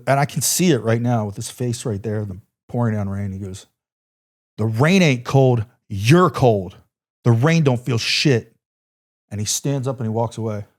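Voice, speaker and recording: This podcast guest, a middle-aged former Army Ranger, delivers his war story with intense emphasis, repeated phrases, and free, blunt swearing. His voice is of medium pitch with a slightly mellow quality.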